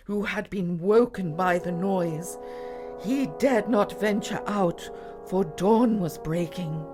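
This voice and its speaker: Slow, gentle woman storyteller reading to children. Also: mid-range voice. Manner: gentle, drops to a hushed whisper. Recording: faint music behind.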